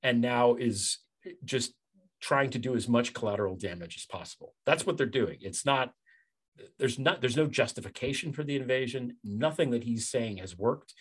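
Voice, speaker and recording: A man's voice: medium pitch, lively intonation, moderate pace, husky. A man speaking as a guest commentator in casual political chat, blunt, conversational and opinionated.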